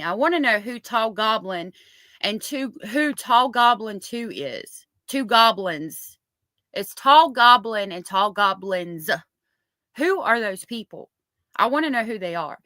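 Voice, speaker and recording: A woman with a bright, forceful voice co-hosts a live stream. She chats casually and reads viewer comments aloud, recorded dry and close to the mic. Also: mid-range voice, expressive, a little slow, no room sound. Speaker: co-host reading viewer chat.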